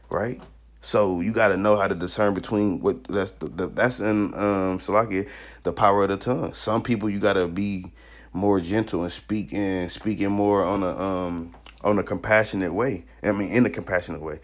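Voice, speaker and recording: Deep-voiced man preaching loosely. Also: brisk. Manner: loose, rambling, with many fillers and restarts. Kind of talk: informal street sermon.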